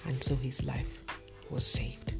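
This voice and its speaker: Gravelly man telling a moral tale. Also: medium pitch, monotone, slow. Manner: earnest, direct address to listeners. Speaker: storyteller. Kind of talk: moral storytelling monologue. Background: music playing underneath.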